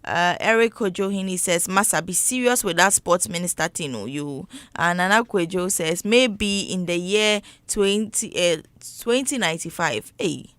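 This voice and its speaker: A woman's voice: on the low side, lively intonation, normal speed, few pauses, a bit bright, dry recording. A woman co-hosting a morning radio show, reading listener comments with playful asides. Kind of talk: casual morning radio chat.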